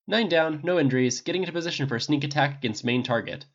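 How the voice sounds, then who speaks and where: A reader voicing a cool, lethal female spy who speaks calmly and quietly in a dull lo-fi recording. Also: mid-range voice, quick pace, pitched above the performer's own voice, lightly acted. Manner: calm, quiet, smirking.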